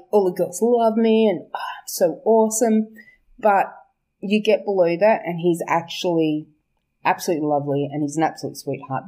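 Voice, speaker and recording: A woman's voice: mid-range voice, a little mellow. A young woman, chatting casually about her book's characters, laughing often, swearing and correcting herself as she goes. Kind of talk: casual chat.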